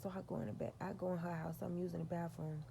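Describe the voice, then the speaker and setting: Woman vlogger, low gravelly voice, profane, emphatic storyteller. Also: little pitch movement, fast, mellow, a little hiss or hum. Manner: profane, emphatic, talks straight to her audience. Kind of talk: storytelling to her viewers.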